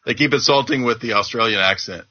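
A man's voice: mid-range voice, bright, forceful tone, a little hiss or hum. A man, a guest comedian, chatting in a playful, joking way. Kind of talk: casual chat. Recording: dull lo-fi sound.

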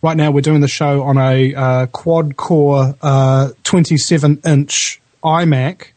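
A man with a New Zealand accent hosting a talk radio show, chatting casually with lively pitch jumps and frequent ums, recorded on a studio microphone at home. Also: slow, no room sound. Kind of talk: casual chat. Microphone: studio USB microphone.

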